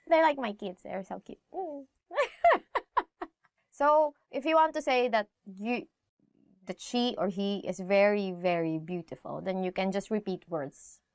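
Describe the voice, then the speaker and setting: A woman's voice: medium pitch, animated, slow, pauses often, no echo, clean studio sound. A young woman with a Filipino accent teaching a casual video lesson, chatty and laughing often. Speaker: language teacher.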